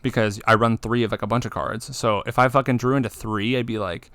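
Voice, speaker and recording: A man co-hosting a podcast, talking excitedly about card games, swearing and acting out game moments. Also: mid-range voice, a little fast, no echo. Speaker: podcast co-host. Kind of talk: casual chat.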